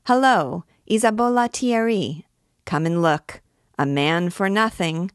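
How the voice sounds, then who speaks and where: A woman voicing a boisterous male king of vagabonds who hawks loudly like an auctioneer, in a storybook reading. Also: lowish voice, slow, no echo, clean studio sound, pitched above the performer's own voice. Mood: rowdy. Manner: loud, hawking like an auctioneer.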